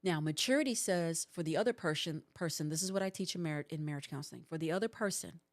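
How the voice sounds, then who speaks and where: Woman, forties, counselor, earnest coaching tone, lowish pitch, livestream talk. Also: fast. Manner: earnest, coaching, acts out couples' lines. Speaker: host and counselor.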